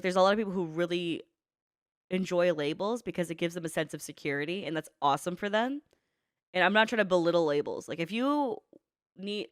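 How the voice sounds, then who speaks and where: A woman's voice: lowish voice, dry recording, studio quality. A young woman streamer in casual chat, blunt, laughing often and swearing freely. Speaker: streamer reacting to a video.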